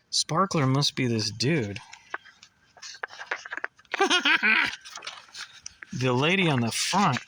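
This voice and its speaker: A man's voice: mid-range voice, noisy background. A man casually reading through comics, chatting and rambling in asides and stumbling over words now and then. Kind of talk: casual comic read-along.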